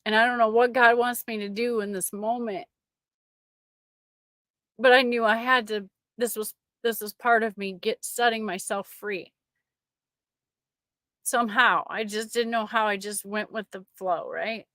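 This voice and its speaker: A middle-aged woman sharing a personal faith testimony with an online audience, emotional and halting, often restarting her sentences. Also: on the high side, fairly even intonation, a bit bright, no echo, clean studio sound.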